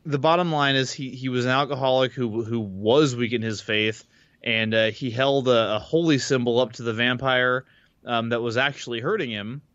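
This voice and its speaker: A male podcast co-host at medium pitch recaps a book in loose, casual chat, with plenty of restarts and the odd swear word, at a moderate pace. The sound is dry and a little dull, like a modest home mic setup, yet a bit bright, with no echo.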